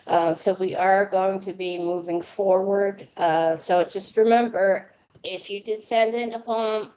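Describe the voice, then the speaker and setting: A woman's voice: mid-range voice, a little mellow, lo-fi sound. An American woman reading palms on a live stream in a chatty, rambling way, often laughing as she talks. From United States. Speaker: palm reader and tarot reader. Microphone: remote internet connection.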